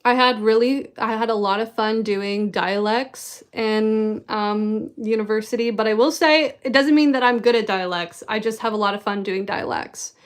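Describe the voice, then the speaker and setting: A woman's voice: medium pitch, normal speed, few pauses, clear, resonant tone. A woman chatting casually in a vlog Q&A, rambling and self-deprecating, often giggling at herself. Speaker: vlogger answering viewer questions. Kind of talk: casual Q&A chat.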